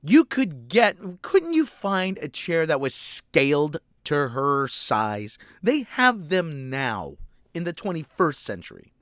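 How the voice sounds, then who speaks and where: Sarcastic man ranting, lively pitch. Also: slow, no room sound, studio quality. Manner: sarcastic, exasperated, profane. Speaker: show reviewer. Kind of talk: ranting commentary.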